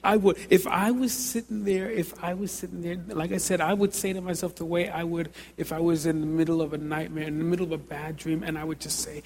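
A man preaching an altar-call sermon in a large church auditorium. He pleads and repeats short exhortations, moving from soft urging to loud fervor. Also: fairly high pitch, level tone, fairly quick, hardly any pauses.

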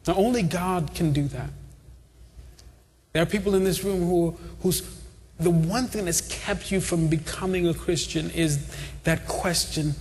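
A man's voice: fairly high pitch, fairly even intonation, measured pace, vocal fry, darkish tone, breathy edge. A man preaching a sermon to a congregation, with an impassioned, repetitive cadence. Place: church hall. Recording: long hall reverb.

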